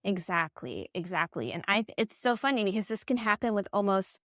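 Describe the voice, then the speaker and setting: A woman's voice: mid-range voice, big pitch swings, fairly quick, fairly bright tone, dry recording, studio quality. A woman co-hosting a parenting podcast, chatting in an agreeable way and sharing examples from her own family life. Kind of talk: casual podcast conversation.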